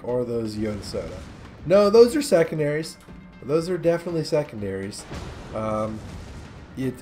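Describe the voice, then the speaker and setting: A man's voice: medium pitch, dark tone. A young man giving casual, rambling gameplay commentary with sarcastic jokes and asides. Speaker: gaming commentator.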